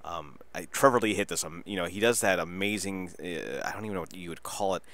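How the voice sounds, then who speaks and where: A man with a deep voice hosts a wrestling podcast, delivering a casual solo review at a fast clip. He rambles excitedly and swears freely as he goes.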